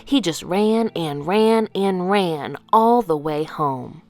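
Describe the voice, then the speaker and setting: A woman reading a children's picture book aloud, gentle and expressive. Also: on the low side, takes it slowly, faint music behind. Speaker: children's storyteller. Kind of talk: read-aloud storytime narration.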